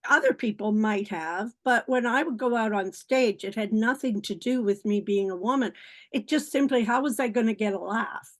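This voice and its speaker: An older woman speaks with a fairly high voice as a podcast guest. She sounds gracious and modest and reflects on her early days in comedy. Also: normal speed. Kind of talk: reminiscing podcast interview.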